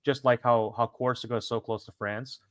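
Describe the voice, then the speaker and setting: A man's voice: mid-range voice, little pitch movement, brisk, no echo, clean studio sound. A young man co-hosting a casual history podcast, a former teacher who rambles with many restarts and self-corrections. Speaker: podcast co-host.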